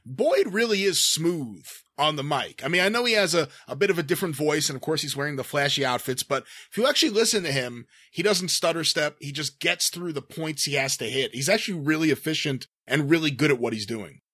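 A man's voice: a little high, brisk, hardly any pauses, breathy edge, no room sound, studio quality. A man from the northeastern US co-hosting a podcast in casual, enthusiastic chat. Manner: enthusiastic, animated. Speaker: podcast co-host.

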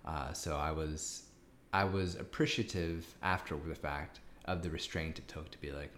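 Deep-voiced guy talking movies, thinks out loud, restarts a lot. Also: fairly even intonation, normal speed, a little hiss or hum. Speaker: podcast co-host. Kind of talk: casual movie review chat.

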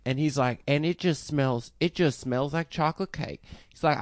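A man's voice: fairly high pitch, moderate pace, no room sound, studio quality. A young man co-hosting a casual chat, telling rambling stories and laughing often. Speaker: podcast co-host.

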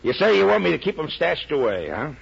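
A man playing a gruff, sarcastic police lieutenant in a 1940s radio drama. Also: fairly high pitch, very animated, fairly quick, exaggerated voice. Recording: dull old radio broadcast.

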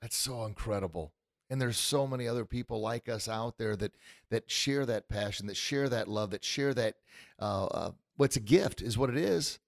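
A man hosting a podcast, effusive and deeply thankful, choked up with emotion. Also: moderate pace, gravelly, no room sound, studio quality. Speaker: podcast host. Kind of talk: casual podcast chat.

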